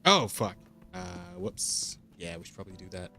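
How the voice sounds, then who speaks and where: A man's voice: low voice, big pitch swings, pushed and bright. Laid-back swearing podcast co-host, man. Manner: laughing, swearing, quick asides. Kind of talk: casual chat, reading listener questions.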